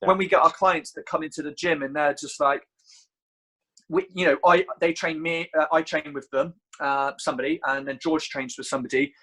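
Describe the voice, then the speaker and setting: A man's voice: fairly high pitch, steady tone, fairly quick, pushed and bright, low-quality recording. Earnest rambling trainer, man. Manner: rambling, restarts often, earnest. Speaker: personal trainer. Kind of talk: casual podcast chat.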